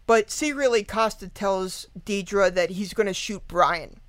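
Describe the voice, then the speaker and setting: A woman's voice: mid-range voice, a little slow, no echo. A woman guest casually retelling a true-crime story, rambling with lots of fillers, laughing and swearing. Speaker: podcast guest.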